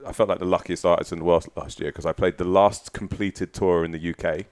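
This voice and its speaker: Man, very low voice, chatty podcast guest who rambles through anecdotes in a home setting. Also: fairly even intonation, a little fast, a little mellow. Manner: chatty, tells long anecdotes. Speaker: guest musician. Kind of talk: casual podcast chat. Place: front room of a house.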